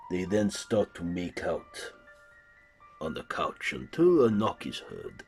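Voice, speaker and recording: A man hosting a horror channel, retelling a film's plot in plain, steady storytelling. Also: sits low, slow, gravelly, soft background music.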